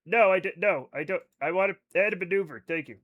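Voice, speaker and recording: Excitable high-voiced man, swearing freely. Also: fast talker, phone-quality sound. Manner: excitable, swears a lot, rambling asides. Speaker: livestreamer playing a space game. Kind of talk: casual chat with stream viewers. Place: home at night.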